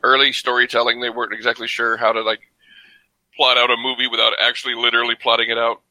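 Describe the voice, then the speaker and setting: A man on a podcast, joking around and tossing in quick quips. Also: medium pitch, little pitch movement, pushed and bright, no room sound, poor audio. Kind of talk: casual chat.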